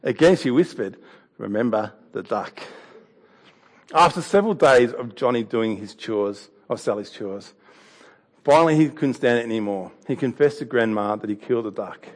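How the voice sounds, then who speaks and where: Conversational preacher, mid-pitched. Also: male voice, animated, brisk. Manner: conversational and warm, with laughs and anecdotes. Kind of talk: sermon.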